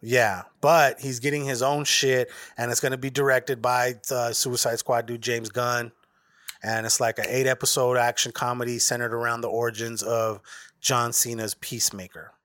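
A man's voice: mid-range voice, level tone, normal speed, a bit bright, no echo. Brief: a male podcast host, loose and profane, recorded dry on a close mic. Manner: profane, slangy and rambling. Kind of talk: casual chat.

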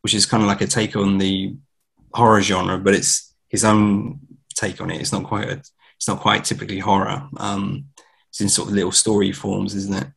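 A man's voice: lowish voice, little pitch movement, normal speed, creaky, a bit bright, husky. A man, a podcast guest, telling rambling anecdotes in a casual film chat.

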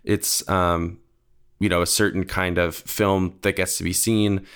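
A man's voice: deep voice, little pitch movement, unhurried, a bit bright, smooth. A young man co-hosting a film podcast, talking casually in a rambling way full of "like" and "um". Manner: rambling, full of "like" and "um", laughs easily. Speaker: podcast co-host.

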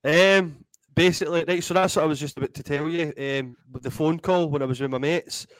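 Scottish man, thirties, DJ guest, animated storyteller, slightly high voice, dry recording. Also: a little fast, dry recording, rough recording. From Scotland. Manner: animated, swears freely, acts out voices in anecdotes. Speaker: guest DJ and comedian. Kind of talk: casual storytelling interview.

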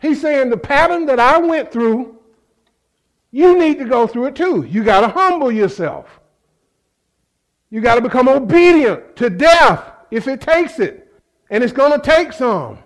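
A very high, sing-song voice carries this man's slightly slow sermon. He preaches fervently in a conversational style, repeating phrases and trading call-and-response with the congregation.

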